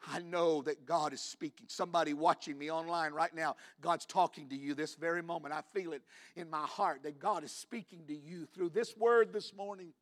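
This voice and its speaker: Man preaching in church, bright voice, slightly high, hushed then shouting. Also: steady tone, brisk. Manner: shifts from hushed storytelling to shouted climaxes. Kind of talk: sermon.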